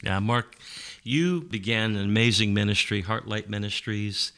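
A man's voice: on the low side, moderate pace, creaky, fairly bright tone. A man co-hosting a radio show, asking long, rambling interview questions.

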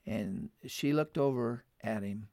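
A man telling a family story in an earnest way, who then turns to warm, urgent encouragement. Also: mid-range voice, takes it slowly, no echo, studio quality. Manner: heartfelt, rises to urgent appeals. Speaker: radio program guest.

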